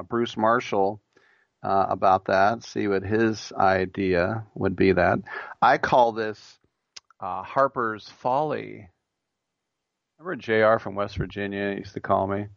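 A man's voice: lowish voice, creaky, fairly bright tone, dry recording, dull audio. A man hosting a sports talk radio show, reading a listener's idea aloud and then giving his blunt, joking opinions on it. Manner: jokey, mimics imagined voices.

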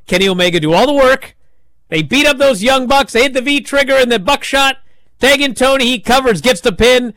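A man's voice: sits high, a bit bright, clear, resonant tone, no echo. A man hosting a sports talk show, telling stories in casual chat, rambling with lots of fillers. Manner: rambling storyteller with many fillers. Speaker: wrestling radio show host.

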